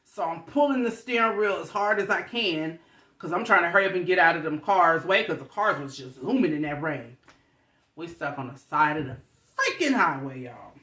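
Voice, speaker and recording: A young woman vlogger telling a story in a chatty, animated way, talking straight to her viewers. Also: fairly low pitch, normal speed, reverberant.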